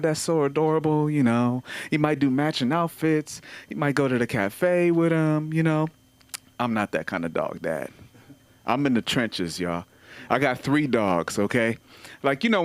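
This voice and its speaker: Lively man doing stand-up. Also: medium pitch, no room sound. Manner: animated storytelling, acts out voices of people and dogs. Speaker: stand-up comedian. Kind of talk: stand-up comedy set. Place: comedy club stage at an open mic.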